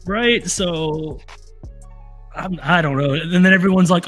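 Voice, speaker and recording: A Southern man with a notably high voice trades loose, profane riffs in casual podcast banter. He talks animatedly and laughs often, with faint music under the conversation. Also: a little slow, pauses often, a bit bright. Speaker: podcast co-host. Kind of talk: casual chat.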